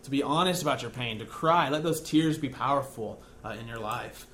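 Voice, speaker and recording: A man's voice: mid-range voice, brisk, fairly bright tone, slight background noise. A young man preaching a sermon in a conversational, self-deprecating storytelling way.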